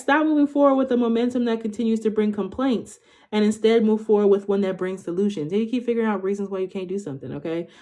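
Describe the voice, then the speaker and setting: Mellow-voiced young woman reading tarot. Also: medium pitch, fast talker. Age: 20s. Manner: chatty, tags nearly every phrase with "okay?"; slangy, informal delivery. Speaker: tarot reader. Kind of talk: casual live tarot reading.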